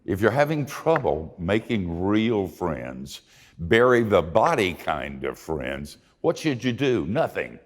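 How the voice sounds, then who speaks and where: An older man preaching a sermon, telling folksy, self-deprecating stories in an expressive way. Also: sits low, slow pace, big-room sound. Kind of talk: sermon with storytelling.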